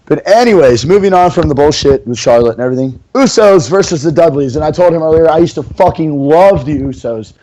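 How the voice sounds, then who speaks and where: A man's voice: a little high, lively intonation, brisk, hardly any pauses, mellow, poor audio. A man co-hosting a podcast in casual chat, rambling and swearing in loose fan banter. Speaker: podcast co-host.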